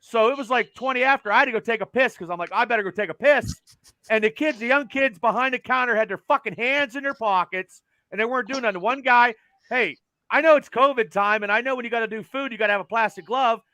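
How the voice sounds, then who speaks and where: A man co-hosting a casual podcast, telling a story loudly and excitedly and swearing freely. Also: very high voice, fast, no room sound. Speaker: podcast co-host.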